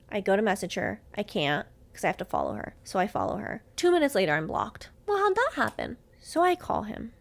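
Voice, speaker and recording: A young woman hosting a podcast, telling a story in a lively, animated way, swearing freely and acting out both sides of arguments. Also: on the high side, normal speed. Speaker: podcast host.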